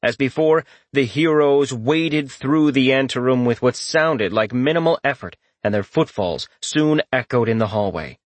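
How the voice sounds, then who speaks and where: A man reading a fantasy audiobook in steady, even storytelling narration. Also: medium pitch, a little slow, few pauses, dry recording.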